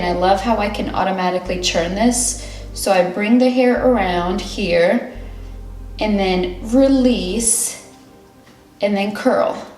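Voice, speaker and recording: A woman's voice: mid-range voice, darkish tone. A woman vlogger chatting casually through a hair tutorial and product review, upbeat and talking through each step. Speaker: beauty vlogger. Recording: echoey room with faint music.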